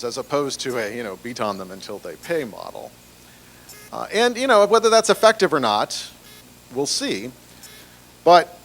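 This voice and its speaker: A man's voice: mid-range voice, a little hiss or hum. A man giving a conference presentation on banking compliance in a chatty, conversational way, with fillers and restarts. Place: large breakfast event room.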